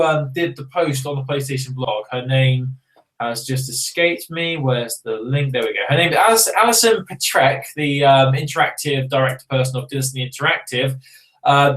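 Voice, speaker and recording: A chatty man co-hosting a podcast, rambling from one joke to the next. His voice sits a little high and swings widely up and down as he talks. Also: animated, normal speed, a bit bright, low-quality recording. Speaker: podcast co-host. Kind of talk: casual podcast chat.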